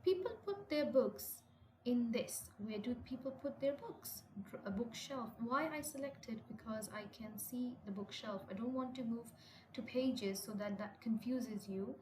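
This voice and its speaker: A woman's voice: fairly high pitch, unhurried, dark tone. Teacher woman in an echoey room. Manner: repeats and rephrases instructions, self-corrects. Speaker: English teacher. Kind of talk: classroom lesson walkthrough. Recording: echoey room with clear noise.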